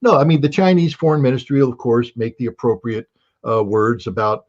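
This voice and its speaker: A man as a guest in casual political talk, animated, restarting often with many fillers. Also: mid-range voice, brisk, dull audio.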